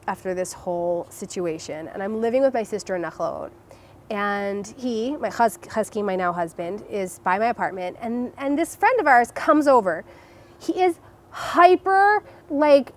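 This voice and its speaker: A young adult woman telling her personal story as an interview guest, emotional and halting, with many restarts and fillers. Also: mid-range voice.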